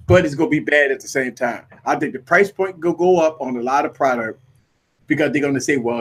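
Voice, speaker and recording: Man hosting a chat, slightly high voice, animated, joking. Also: husky. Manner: animated, joking, repeats himself. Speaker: host. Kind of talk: casual livestream chat.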